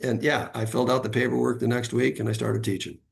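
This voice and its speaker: Gravelly middle-aged male guest, anecdotal storyteller, loose and filler-heavy. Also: medium pitch, flat delivery, fast talker, slight background noise. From California. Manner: anecdotal, acts out quoted voices, frequent fillers. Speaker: guest author. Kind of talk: storytelling interview.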